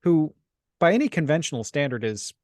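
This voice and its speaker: A man's voice: on the high side, very animated, fairly quick, darkish tone, no room sound, clean studio sound. A man co-hosting a podcast, talking in a casual, rambling way with frequent restarts and laughs. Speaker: podcast co-host. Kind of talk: casual chat.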